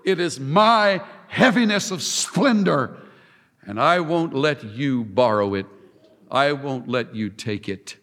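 A man preaching a sermon with emphatic delivery, dramatic pauses and heavy repetition. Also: medium pitch, expressive, fairly bright tone. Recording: long hall reverb.

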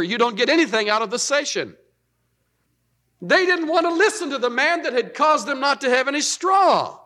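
A middle-aged man preaching a conversational, animated sermon as pastor. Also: extremely high pitch.

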